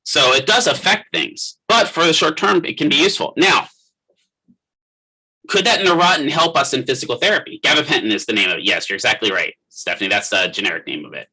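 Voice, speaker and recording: A man's voice: on the low side, quick pace, few pauses, bright, forceful tone, slightly rough, low-quality recording. A middle-aged man teaching a physical therapy class in a conversational lecture, often putting questions to students by name. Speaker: physical therapist assistant instructor.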